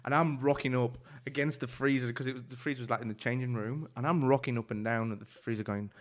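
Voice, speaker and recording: A man's voice: medium pitch, fairly even intonation, fast talker. A chef rambling through his kitchen stories. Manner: rambling, full of "like" and swearing. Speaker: chef and author, podcast guest. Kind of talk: casual storytelling chat.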